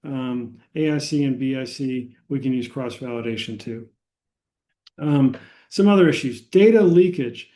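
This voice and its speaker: Slow-speaking American man lecturing. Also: mid-range voice, mellow. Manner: frequent fillers and restarts, unhurried explaining. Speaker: statistics instructor.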